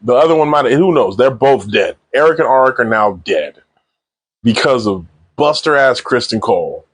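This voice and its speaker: A man casually recapping and reviewing a TV episode in slangy, animated speech, acting out the characters' lines. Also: medium pitch, moderate pace, slightly rough, no echo. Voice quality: animated slangy retelling with acted-out quotes. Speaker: TV show reviewer.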